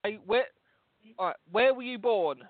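A man's voice: sits high, moderate pace, no room sound. A man with a London accent co-hosting a podcast, teasing and swearing in rambling casual banter. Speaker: podcast co-host. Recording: tinny phone-like line, dry.

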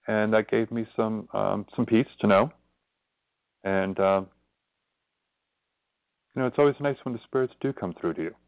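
A man's voice: lowish voice, moderate pace, creaky, long pauses, dry recording. A man hosting his own spiritual radio show, talking casually and earnestly in a rambling, storytelling way. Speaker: radio host and spiritual reverend. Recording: tinny phone-line call-in audio.

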